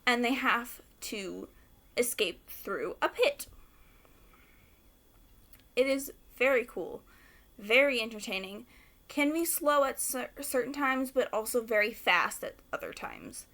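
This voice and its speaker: A young woman talks straight to camera in a loose, rambling rant, excitable and quick to swear. Her voice sits a little higher than most. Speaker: book vlogger.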